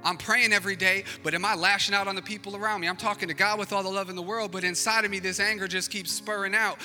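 A man's voice: high voice, fairly even intonation, quick pace, hardly any pauses, bright, forceful tone, in a large hall, faint music behind. A male pastor giving an impassioned sermon, his intensity rising and falling.

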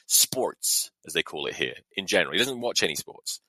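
A man's voice: low-pitched, lively intonation, normal speed, bright, forceful tone, dry recording, poor audio. A young man, a podcast host, telling a story in a sweary, mock-outraged monologue. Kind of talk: casual comedic monologue.

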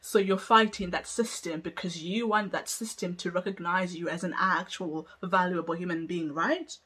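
Husky-voiced woman arguing emphatically. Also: fairly low pitch, steady tone, moderate pace, a bit bright. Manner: emphatic, argumentative, full of rhetorical questions; laughs between points. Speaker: podcast host. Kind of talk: solo podcast monologue.

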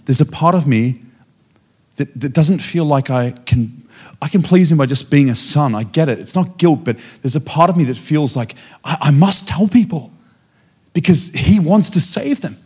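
Man, guest preacher, animated testimony, slightly high voice, acts out dialogue. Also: moderate pace, breathy edge. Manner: animated storytelling, acting out dialogue with frequent restarts. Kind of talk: sermon with personal testimony.

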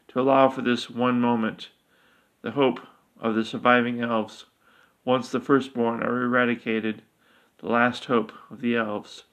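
A man's voice: mid-range voice, a bit bright. A man voicing a desperate, secretive female elf who speaks urgently and confidingly.

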